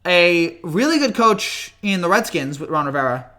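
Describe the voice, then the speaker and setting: Excitable young man with cracking voice. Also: high-pitched, moderate pace. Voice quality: voice cracks often. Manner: rambling, excitable, repeats himself. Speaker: live stream host. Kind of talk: casual live reaction stream.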